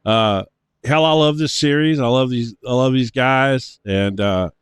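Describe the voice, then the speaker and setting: A man chats through a race broadcast, rambling and repeating himself with plenty of fillers. His voice is smooth and resonant. The sound is close and dry. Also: mid-range voice, measured pace, no room sound. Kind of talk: casual race broadcast banter.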